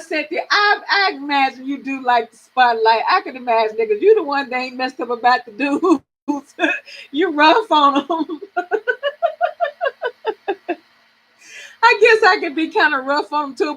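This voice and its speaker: A woman's voice: sits high, a bit bright, poor audio. A middle-aged woman from the American South, hosting a live reading stream and chatting frankly with viewers, swearing freely and laughing often.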